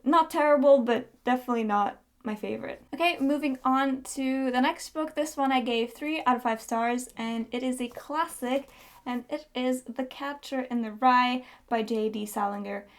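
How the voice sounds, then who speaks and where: Young woman doing casual book reviews, kinda high voice, talks candidly with lots of ums. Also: normal speed. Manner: chatty and candid, with frequent fillers.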